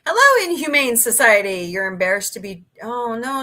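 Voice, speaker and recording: A woman's voice: a little high, big pitch swings, moderate pace, pushed and bright. A middle-aged woman hosting a livestream, chatting casually with viewers and telling rambling stories with mild swearing. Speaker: livestream host. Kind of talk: casual chat reading viewer comments.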